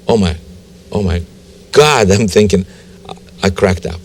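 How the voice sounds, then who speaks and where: Low gravelly man telling his story. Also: a little mellow, slight background noise. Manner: halting, emotional storytelling with restarts. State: tearful. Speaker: guest telling his testimony. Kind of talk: personal testimony in a TV interview.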